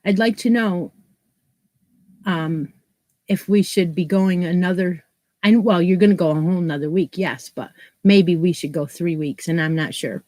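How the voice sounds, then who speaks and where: A crochet channel host from New York State, US, runs a live stream, chatting casually and greeting viewers by name. Her voice is fairly low and dark, at a moderate pace, on a dry recording, and allergies have her nose stuffed up.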